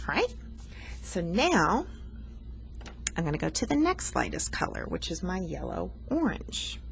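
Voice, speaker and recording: A woman's voice: on the low side, big pitch swings, a little slow, creaky, a little hiss or hum. A woman art teacher talking students through a coloring lesson, patient and explanatory, teasing herself now and then.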